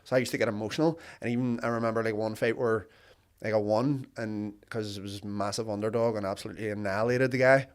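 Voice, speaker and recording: A man's voice: fairly low pitch, steady tone, fast, clear, resonant tone. A man, a podcast guest who speaks reflectively in a casual chat. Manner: reflective, frequent backchannel agreement. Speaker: podcast guest, business owner.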